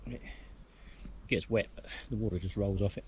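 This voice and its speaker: Deep-voiced Englishman rambling on a hilltop. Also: steady tone, normal speed, a little hiss or hum. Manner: rambling, musing aloud with many hums. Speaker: hiking vlogger. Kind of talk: casual outdoor vlog commentary. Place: outdoors on a hillside.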